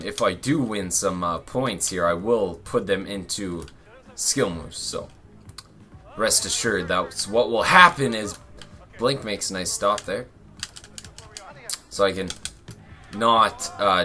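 Young male gaming host, bright forward tone, relaxed chatter that spikes into excited yells. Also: low-pitched. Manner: excitable, yells and laughs at close plays. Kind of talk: casual gameplay commentary.

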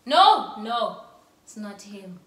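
A woman's voice: mid-range voice, very animated, slow. A woman guessing through a family party game at home, hesitant and laughing, recorded from across a room. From South Africa. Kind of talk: casual family game chat. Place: home room indoors at night. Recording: roomy, distant home recording.

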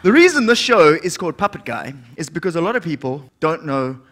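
A man's voice: on the high side, very animated, fast, a bit bright. A South African man doing stand-up as a ventriloquist, dry and playful with the crowd. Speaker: ventriloquist comedian. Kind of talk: stand-up comedy. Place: theatre stage.

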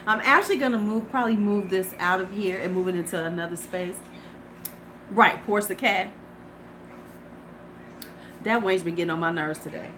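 A woman's voice: medium pitch, moderate pace, pauses often, fairly bright tone, poor audio. A middle-aged woman chatting casually and profanely to viewers on a beauty livestream from her porch. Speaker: beauty vlogger. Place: home porch. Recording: faint ambient noise.

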